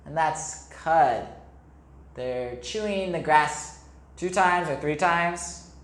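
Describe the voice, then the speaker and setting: A man's voice: on the high side, slow pace, fairly bright tone. A man, an English teacher, reads a picture book aloud to young children, explaining words simply and asking them questions. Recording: echoey room.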